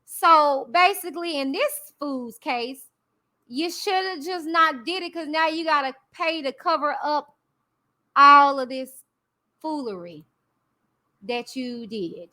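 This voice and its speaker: A woman's voice: sits high, sharp tone. A woman reading a court document aloud on a casual live stream, breaking off to chat with viewers and hum her reactions. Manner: chatty, reacts with drawn-out hums.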